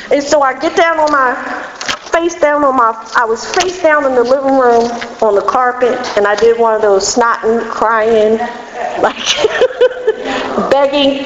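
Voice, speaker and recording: A woman speaks frankly and earnestly, sharing her own story at a recovery meeting in a candid, conversational testimony. Her voice sits a little high and rings out with a long echo through a large hall. The recording sounds dull, with a faint hum of room ambience behind her.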